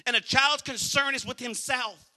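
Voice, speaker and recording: High, piercing-voiced preaching pastor. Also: male voice, steady tone, moderate pace, bright, forceful tone, big-room sound. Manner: emphatic preaching with repetition and calls to the congregation. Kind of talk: sermon.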